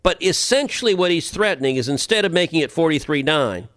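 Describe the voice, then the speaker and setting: A man's voice: on the high side, animated, fairly quick, fairly bright tone, no echo, clean studio sound. A man giving political commentary as a podcast co-host, emphatic and argumentative, often repeating words as he starts a phrase.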